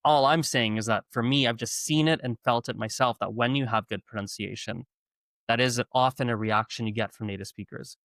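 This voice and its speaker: Man, podcast guest, mid-range voice, lively storyteller, dry recording. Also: medium pitch, brisk, no room sound. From Canada. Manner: lively, self-correcting, chatty. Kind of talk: conversational storytelling.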